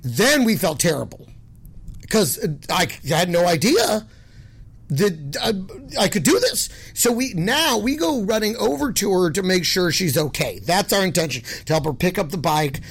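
A loud, excitable middle-aged man telling animated stories as a guest, laughing as he goes. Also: sits high, moderate pace, vocal fry, breathy edge. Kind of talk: animated storytelling.

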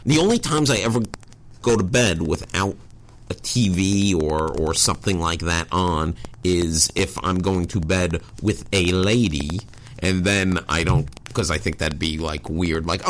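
Deep-voiced rambling male guest. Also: measured pace, slight background noise. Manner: rambling, self-deprecating storyteller with many fillers. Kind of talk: casual interview chat. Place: studio.

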